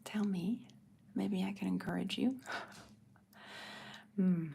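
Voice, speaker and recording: A middle-aged woman hosting an ASMR livestream, answering chat in a soft breathy whisper. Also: mid-range voice, normal speed.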